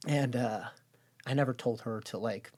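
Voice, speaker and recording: A man, a podcast guest, telling a personal story in an earnest, hushed way. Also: medium pitch, moderate pace. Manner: earnest, hushed storytelling with lively quoted voices. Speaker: podcast guest, gym owner.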